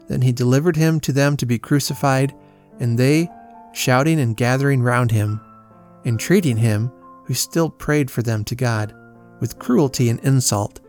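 A man reading a children's Bible story aloud, measured and solemn. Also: mid-range voice. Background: faint guitar music.

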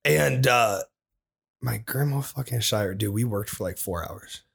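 A man's voice: mid-range voice, measured pace, vocal fry, fairly bright tone, breathy edge. A young man from Ohio, co-hosting a podcast in casual chat, rambling and swearing as he tells stories. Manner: swearing, rambling, laughs often. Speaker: podcast co-host.

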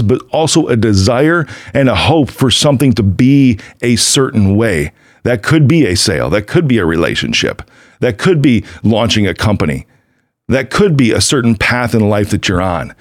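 A man talks through his own podcast episode in a loose, emphatic way, circling back on points and tossing in "right?" as he goes. His voice sits at an ordinary middle pitch. The recording is close and dry, with no room echo. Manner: emphatic, repetitive, conversational with frequent "right?". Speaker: podcast host. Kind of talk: casual solo podcast monologue.

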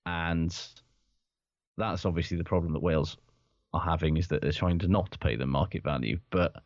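Podcast co-host, male, very low voice, dry close sound, rambling and sweary delivery. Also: steady tone, moderate pace, no room sound, highs cut off. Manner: swearing, rambling, laughs often. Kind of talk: casual sports chat.

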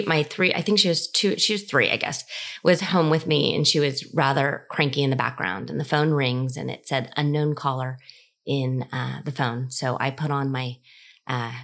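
Low-voiced woman telling a lively story. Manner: animated, acts out quoted voices. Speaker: cookbook author. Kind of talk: personal storytelling.

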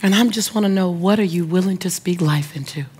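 A woman's voice: fairly low pitch, fairly quick, a little mellow, husky. A middle-aged woman giving an inspirational speech, telling a personal story with emphatic repetition and speaking straight to her audience. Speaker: motivational speaker.

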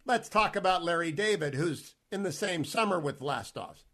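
Male host, slightly high voice, teasing and relaxed with his guest. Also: moderate pace. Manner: playful, jokes about his own pronunciation. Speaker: interview host. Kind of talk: casual interview.

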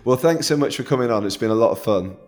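A man's voice: mid-range voice, expressive, fast, darkish tone, soft background music. A man hosting a podcast, a chef who chats in an easygoing way and explains dishes step by step. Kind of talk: casual interview chat.

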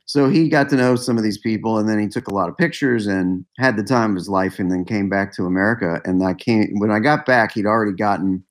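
A man with a very deep voice tells a meandering story in relaxed interview chat. He laughs often and circles back on his own sentences. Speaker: musician guest.

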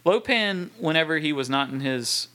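A man in his twenties co-hosting a podcast in casual chat, talking haltingly with frequent laughs. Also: on the high side, expressive, pushed and bright. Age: 20s. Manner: hesitant, halting, laughs often. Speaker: podcast co-host.

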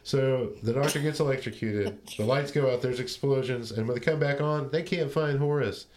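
A man's voice: mid-range voice, moderate pace, darkish tone. A man co-hosting a casual podcast, rambling through a movie plot and quoting characters as he goes. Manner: rambling, recounts plot with quoted voices. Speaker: podcast co-host. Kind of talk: casual movie recap chat.

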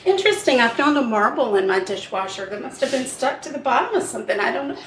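A woman co-hosts a casual podcast from her home kitchen, chatting and reacting with gasps and quick remarks. Her voice sits fairly high. The kitchen sounds echoey, with clear noise and clicking around her. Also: big pitch swings. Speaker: podcast co-host. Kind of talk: casual chat.

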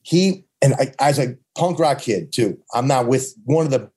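A man's voice: mid-range voice, expressive, moderate pace, darkish tone, husky. A man with a New York accent telling rambling, profane road stories from his touring days in a casual chat, full of restarts. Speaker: touring punk musician guest. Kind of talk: casual storytelling.

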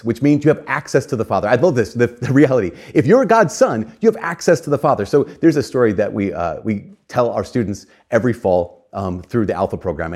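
A man preaching a sermon in an earnest, animated way, telling a story and slipping in casual asides, often repeating and restarting his phrases. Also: mid-range voice.

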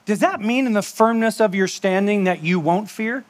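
A man's voice: high-pitched, normal speed. A male pastor giving a conversational sermon, joking with asides to the congregation.

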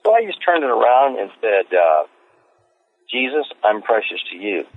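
Low-voiced man on a tinny phone line. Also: moderate pace, no room sound. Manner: rambling, repeats words, excited storytelling. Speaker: street evangelist guest. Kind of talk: casual interview storytelling.

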